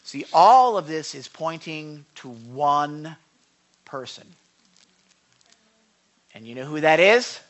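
A man preaching a sermon in a high, bright, forceful voice. He talks with his congregation in a conversational way and keeps checking that they follow. His earnest delivery swells into passionate emphasis. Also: lively intonation, takes it slowly, long pauses. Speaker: pastor.

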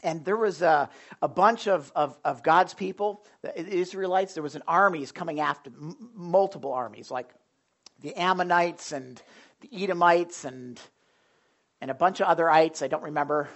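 A pastor preaching a sermon in a loose, conversational way, with jokes and asides to the congregation. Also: male voice, fairly high pitch, moderate pace, a bit bright, lo-fi sound.

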